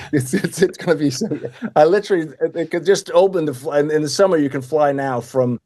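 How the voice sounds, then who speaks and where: A man in his fifties from Denmark with a Danish accent, telling stories as a podcast guest in a lively way, often restarting and repeating words. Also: fairly high pitch, brisk. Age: 50s. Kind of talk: casual anecdotal storytelling.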